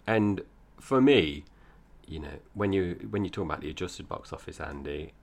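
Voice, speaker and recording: Low gravelly man with slight Cockney. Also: normal speed. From Essex, England. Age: 40s. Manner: chatty, rambling, laughs often. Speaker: podcast co-host. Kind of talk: casual chat.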